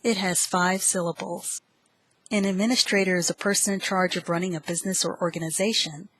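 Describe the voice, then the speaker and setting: A woman teaching English vocabulary, who spells each word letter by letter and repeats it slowly. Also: on the low side, fairly even intonation, a bit bright, poor audio. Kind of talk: slow, deliberate vocabulary lesson.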